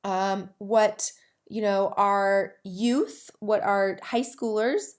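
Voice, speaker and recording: A woman hosting her own advocacy podcast, talking casually to camera in a rambling way with many asides and restarts. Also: medium pitch. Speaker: host of a herpes advocacy podcast.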